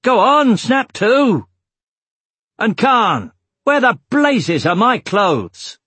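A man voicing a gruff male warrior leader in an audiobook, shouting commands at his people. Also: very high-pitched, sing-song, very slow, dry recording, pitched above the performer's own voice, exaggerated voice. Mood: commanding.

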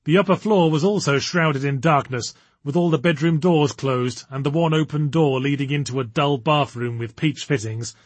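A man reading a story aloud in measured, wry narration. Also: a little high, no echo. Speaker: audiobook narrator. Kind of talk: scripted narration.

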